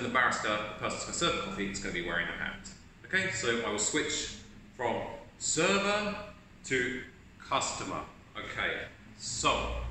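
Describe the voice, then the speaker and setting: A man's voice: fairly low pitch, bright, forceful tone, a little hiss or hum. A man giving a chatty, encouraging self-help talk to camera as host, recorded in an echoey room from a distant mic. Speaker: video host.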